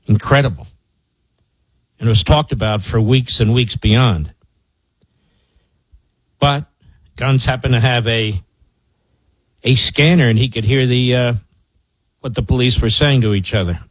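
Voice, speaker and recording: A man's voice: mid-range voice, measured pace, long pauses, husky, no room sound, poor audio. A man hosting a talk radio show, telling a story in an emphatic, boastful manner.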